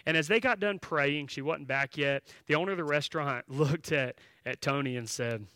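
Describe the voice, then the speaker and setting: A pastor with a somewhat high male voice preaches a sermon at a moderate pace, his tone pushed, bright, clear and resonant in a dry recording. He tells a story conversationally, with filler words and restarts, then turns to direct, emphatic appeals to the congregation.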